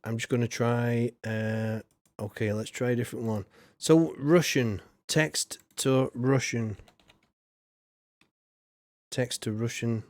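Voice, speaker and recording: A man's voice: mid-range voice, steady tone, takes it slowly, pauses often, a little mellow, no room sound. A man streaming a farming game, rambling casually and greeting viewers by name. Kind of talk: casual gameplay commentary.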